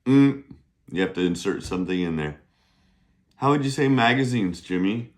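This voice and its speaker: A male Chinese teacher running a playful classroom lesson, humming little tunes between steps and drilling words slowly. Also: lowish voice, animated. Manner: slow, drawn-out pronunciation drills.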